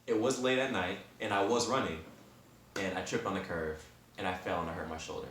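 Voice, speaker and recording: A man in his twenties hosting a podcast, telling a story in a casual, animated way, with slang and frequent laughter, talking straight to his listeners. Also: deep voice, fairly quick, slight background noise. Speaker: podcast host. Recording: roomy sound from a distant mic.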